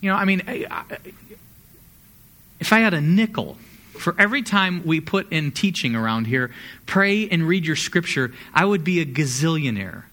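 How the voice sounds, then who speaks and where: Bright, high-voiced energetic male pastor. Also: moderate pace. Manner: conversational, energetic preaching with sports metaphors. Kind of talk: sermon.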